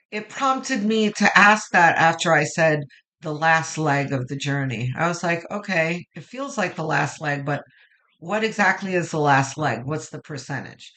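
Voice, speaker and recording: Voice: medium pitch, bright, forceful tone. A tarot reader giving a weekly reading to viewers, reflective and rambling, with many fillers and restarts, and emotional, moved near tears.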